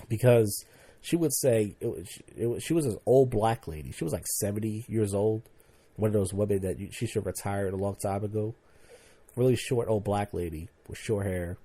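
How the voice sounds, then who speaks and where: A man's voice: fairly low pitch, warm tone. A young man hosting a podcast, ranting casually and profanely about his old job and acting out his coworkers. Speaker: podcast host. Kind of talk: casual monologue.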